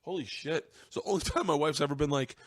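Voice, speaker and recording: A man hosting a podcast, telling an emotional story in casual chat, his voice climbing high as he gets choked up. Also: rapid-fire, no room sound. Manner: emotional, voice rising high as he tears up. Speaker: podcast host.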